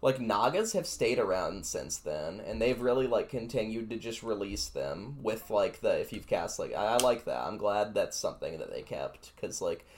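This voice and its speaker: A man's voice: on the low side, moderate pace, few pauses, slight background noise. A man co-hosting a podcast, rating cards in casual, rambling chat with lots of fillers. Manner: rambling, filler-heavy, excited. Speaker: podcast co-host. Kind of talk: casual card-review chat.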